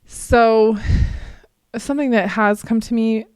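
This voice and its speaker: A woman co-hosting a casual podcast chat, telling stories and explaining ideas in a calm teaching tone. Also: on the high side, takes it slowly, smooth, no room sound, clean studio sound. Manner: storytelling, animated with laughs. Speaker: podcast co-host.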